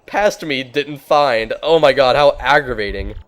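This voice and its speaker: A man giving casual, rambling gameplay commentary as a let's play host, full of "like" and "um" and quick to get excited. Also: medium pitch. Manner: rambling, lots of "like" and "um", easily excited.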